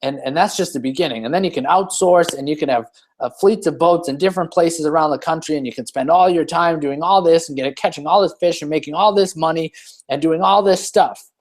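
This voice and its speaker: Man voicing a pushy corporate type, pitched well above his own voice, insistent. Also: a little fast, close to an everyday voice. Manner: eager, insistent. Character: pushy businessman on vacation.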